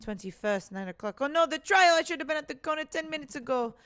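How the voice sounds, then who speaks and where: A woman's voice: high voice, lively intonation, quick pace, a bit bright, pitched above the performer's own voice. A woman voicing an earnest, anxious young male defense lawyer.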